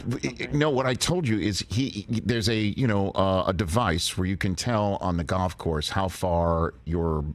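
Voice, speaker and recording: A man's voice: deep voice, normal speed, few pauses. A man hosting a talk show, chatting with a guest and telling anecdotes of his own. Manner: chatty, easily amused, tells anecdotes. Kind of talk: casual interview chat.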